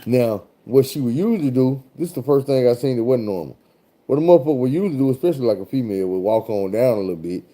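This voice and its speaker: A man from Arkansas, a truck driver telling a road story in a loose, animated, heavily profane way. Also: medium pitch, fast. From Arkansas, USA. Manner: animated, profane, swears often.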